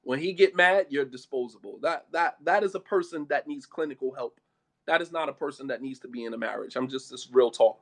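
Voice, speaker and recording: A man's voice: mid-range voice, fairly quick. A man giving a religious talk on marriage, blunt and emphatic, mixing casual street talk with Arabic phrases. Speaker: Islamic speaker.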